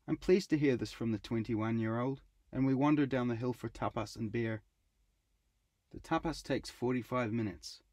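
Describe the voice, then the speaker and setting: Middle-aged male author-narrator, measured wry reading, dry close mic. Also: mid-range voice, a little mellow, no room sound. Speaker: author narrating his own travel writing. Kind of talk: scripted audiobook narration.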